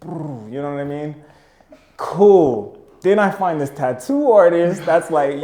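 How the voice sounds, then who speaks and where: A young man, a podcast guest who runs a business, telling stories in a relaxed, slangy way and often saying "you know what I mean". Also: on the high side, takes it slowly. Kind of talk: casual storytelling chat.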